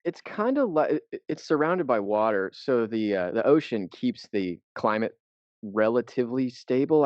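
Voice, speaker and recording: In a mid-range voice with no room sound, a male American podcast co-host tells a rambling travel story peppered with casual swearing. The audio is dull, dry and lo-fi.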